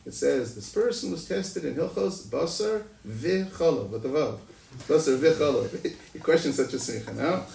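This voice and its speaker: A man giving an animated Talmud lecture, asking rhetorical questions and tagging many lines with "no?" in a sing-song manner. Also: normal speed, creaky, few pauses. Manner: rhetorical questions, often ending with "no?"; sing-song, animated delivery with sudden jumps in pitch. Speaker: Talmud teacher. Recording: echoey room, recorded from a distance, faint noise.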